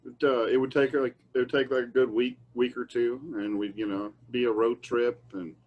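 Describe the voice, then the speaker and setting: A man hosts a casual conversation, keeping his lines short and relaxed. He mostly nudges his guest to go on, with a middle-pitched voice. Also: normal speed, highs cut off. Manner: brief, prompting, relaxed. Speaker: host. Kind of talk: casual chat.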